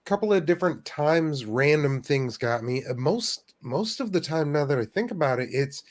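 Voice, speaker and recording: A man's voice: a little high, animated, normal speed. A man on a podcast, a guest, telling rambling stories with lots of restarts. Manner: rambling, self-interrupting storytelling. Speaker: guest streamer. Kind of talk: casual podcast chat.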